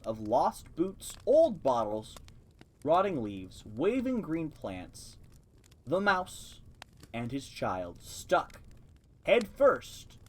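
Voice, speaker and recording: A man reading a children's novel aloud on a live stream, expressive, with casual asides. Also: mid-range voice. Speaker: audiobook reader on a live stream.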